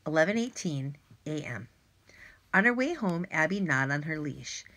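A woman narrating a children's audiobook in an expressive, lively way. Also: deep voice, normal speed. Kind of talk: scripted narration.

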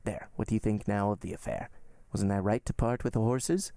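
A man's voice: fairly low pitch, brisk, creaky, mellow, no room sound, clean studio sound. A man voicing a boastful middle-aged male banker, talking in a confiding, coaxing way.

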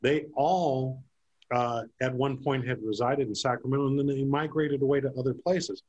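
Host guy asking questions, a bit hesitant, mid pitch. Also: steady tone, normal speed, a little mellow, lo-fi sound. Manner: curious, hesitant, searching for words. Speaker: TV host interviewer. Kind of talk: interview questions.

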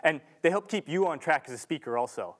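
A man's voice: a little high, lively intonation, quick pace, fairly bright tone. A young man giving an earnest, casual talk to an audience in a large lecture room, with restarts and filler ums. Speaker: student speaker.

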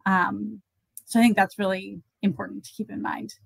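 Woman guest in an interview, middle pitch, dry close sound, talks it through with examples and lots of ums. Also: level tone, moderate pace, creaky, slightly rough, no echo, poor audio. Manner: thoughtful, example-driven, many fillers. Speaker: guest expert on end-of-life conversations. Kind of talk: conversational interview answers.

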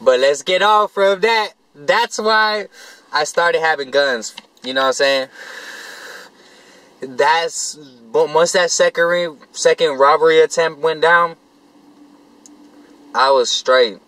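A man's voice: a little high, takes it slowly, long pauses, a bit bright, no room sound, poor audio. A young man vlogging, telling a rambling story to camera in profane street slang.

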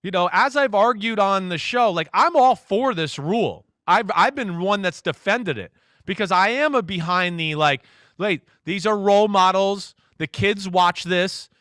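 A man who is a football analyst, a guest in a casual interview, telling stories in an animated way and acting out what others said. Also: sits high, unhurried, no echo, clean studio sound. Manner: animated storyteller, acts out quotes.

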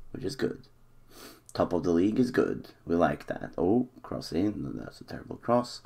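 A man's voice: deep voice, expressive, moderate pace, gravelly, warm tone, breathy edge. A man commentating his own football management game, nervous and muttering one moment, cheering the next. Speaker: gaming YouTuber.

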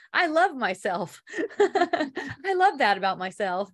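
A woman with a slightly high voice leads a relaxed online spiritual talk. She rambles loosely, laughs often and swears casually. Now and then she reads viewer comments aloud. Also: unhurried.

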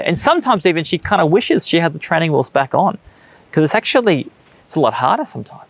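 An Australian pastor in his thirties delivers a sermon in a relaxed, earnest, storytelling way. His voice sits a little high for a man. The sound is close and dry, with no room echo. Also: quick pace, gravelly. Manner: conversational, earnest preaching with storytelling. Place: church stage.

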